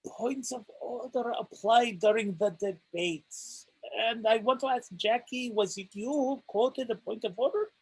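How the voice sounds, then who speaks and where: Un hombre interpreta a un presidente de consejo pedante y discutidor con un acento ruso exagerado a propósito. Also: male voice, very high-pitched, unhurried, breathy edge, dry recording, full character voice, low-quality recording. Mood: argumentative. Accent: deliberately bad Russian accent. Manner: pedantic, argumentative. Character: stubborn pedantic male council chairman. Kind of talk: comic re-enactment.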